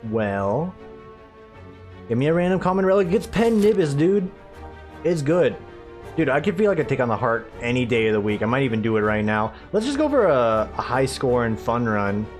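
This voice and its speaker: A man's voice: medium pitch, big pitch swings, moderate pace. Brief: man, mid-range voice, casual let's-play chatter, sarcastic and rambling, faint music behind. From United States. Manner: rambling, sarcastic, joking asides. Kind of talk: casual gameplay commentary.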